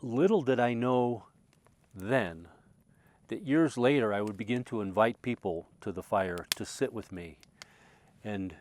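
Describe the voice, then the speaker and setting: A man telling a reflective personal story, earnest and emotional, moving from loud passionate recollection to quiet hushed tones and often repeating words as he restarts. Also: fairly low pitch, slight background noise. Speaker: spiritual speaker.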